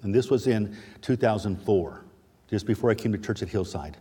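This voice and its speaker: A man's voice: lowish voice, lively intonation, moderate pace, warm tone, breathy edge. A man in his fifties preaching a sermon as a guest preacher, talking in a folksy, chatty way with self-deprecating asides. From Missouri, USA. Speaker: guest preacher and history teacher. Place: church sanctuary. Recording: long church reverb.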